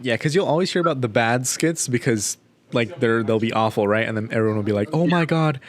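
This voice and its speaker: A man's voice: medium pitch, fairly even intonation, quick pace. A young man co-hosting a podcast in casual chat, rambling and swearing, acting out quotes as he talks. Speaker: podcast co-host.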